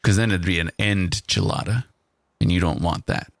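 A man co-hosting a podcast in casual banter, delivering absurd jokes in a deadpan way. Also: sits low, quick pace, no room sound, clean studio sound. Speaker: podcast co-host.

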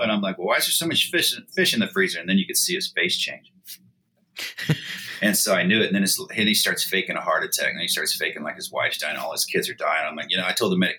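Fast-talking man with a low, bright voice. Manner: animated, acts out quoted dialogue. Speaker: guest, army veteran. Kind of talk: casual storytelling.

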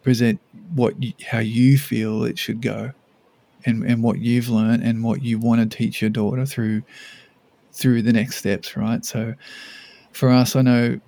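Male podcast co-host, gravelly low-toned voice, loose rambling delivery. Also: little pitch movement, a little slow, warm tone. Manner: rambling, many restarts and "like"s. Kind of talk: casual parenting podcast chat.

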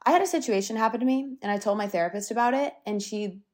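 A woman's voice: on the high side, fast. A young woman hosting her own podcast in a casual solo talk, chatty and candid, swearing now and then and a little breathless. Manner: lively, sometimes breathless. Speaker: podcast host.

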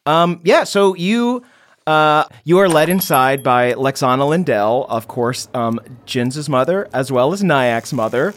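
A man's voice: mid-range voice, unhurried. Man narrating a tabletop game. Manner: relaxed, hesitant narration with many fillers. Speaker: game master.

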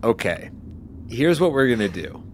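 A man's voice: mid-range voice, sing-song, moderate pace, a little hiss or hum. A man playing a tabletop game, blunt and wry. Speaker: player.

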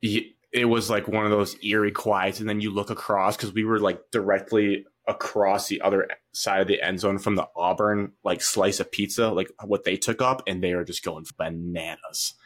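A young man co-hosting a sports podcast, telling an animated story in casual chat, full of fillers. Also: on the low side, normal speed, few pauses. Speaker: podcast co-host.

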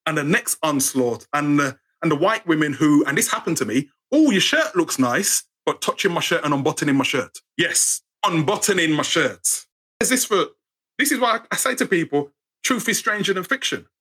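A man's voice: fairly high pitch, expressive, moderate pace, bright, forceful tone, breathy edge. A middle-aged British man telling personal stories as an interview guest, acting out the voices of people in them with sarcastic wit. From United Kingdom. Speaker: storyteller guest. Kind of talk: animated personal storytelling.

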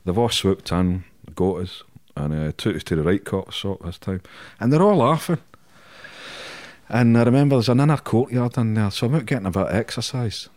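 With a lowish, slightly mellow voice, lively intonation, and normal speed, a middle-aged Scottish man tells stories as an interview guest. His delivery is blunt and full of swearing, punctuated by chuckles, and there's no echo in the recording.

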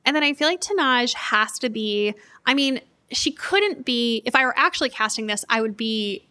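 Bright-voiced woman co-hosting a book podcast. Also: fairly high pitch, animated, normal speed. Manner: thoughtful, many restarts and "like"s. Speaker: podcast co-host. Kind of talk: casual book chat.

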